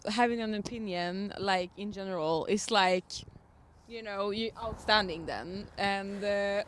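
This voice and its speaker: A woman guest in a casual podcast chat, assertive and quick to laugh. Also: medium pitch, fairly bright tone, slight background noise.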